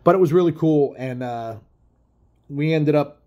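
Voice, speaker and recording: A man's voice: on the high side, moderate pace, highs cut off. A middle-aged man telling a road story in a blunt, profane, rambling way, full of fillers. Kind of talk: casual spoken storytelling.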